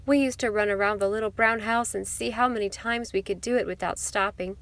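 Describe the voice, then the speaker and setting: A woman's voice: mid-range voice, steady tone, brisk, lightly acted. A woman doing a cheerful teenage girl. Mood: bright. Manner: bright, earnest.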